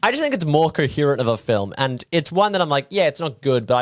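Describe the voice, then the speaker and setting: A man's voice: a little high, sing-song, fast, no room sound, studio quality. A man co-hosting a casual movie review podcast, wry and easygoing, laughing often. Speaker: podcast co-host.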